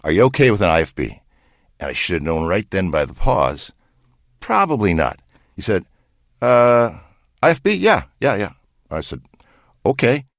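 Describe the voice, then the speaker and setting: A TV director tells an anecdote with dry humor, imitating the people in it. His voice is low and swings widely. It sounds close and dry. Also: sing-song, moderate pace, long pauses, dry recording. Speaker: TV director, interviewee. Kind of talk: animated anecdote.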